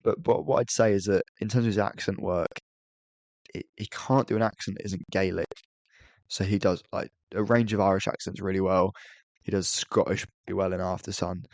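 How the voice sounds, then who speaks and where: Man, very deep voice, podcast co-host, casual film review, stammering restarts, earnest. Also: fairly even intonation, brisk, darkish tone, dry recording.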